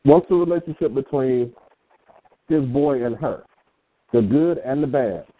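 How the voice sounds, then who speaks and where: Guy co-hosting a radio talk show, slow and deliberate, makes his point hard, phone-line sound. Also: medium pitch. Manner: deliberate, measured and emphatic, with restarts.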